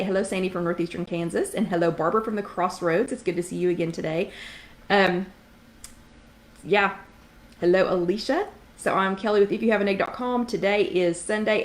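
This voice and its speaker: Middle-aged woman, livestream host, chatty and friendly, lots of ums while she greets viewers one by one. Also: mid-range voice. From Knoxville, Tennessee. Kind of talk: casual live-chat greetings.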